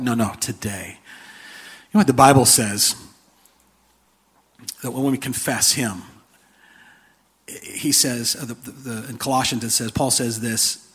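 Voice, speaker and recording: A man preaching a sermon in an animated, conversational way, with a husky voice. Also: medium pitch, slow pace, long pauses. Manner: animated, conversational, with frequent restarts and laughter. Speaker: pastor.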